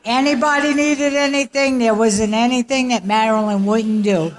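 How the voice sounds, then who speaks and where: A woman, a niece, sharing memories at a family memorial in a slow, halting way with many fillers. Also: on the high side, fairly even intonation. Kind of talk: casual memorial speech.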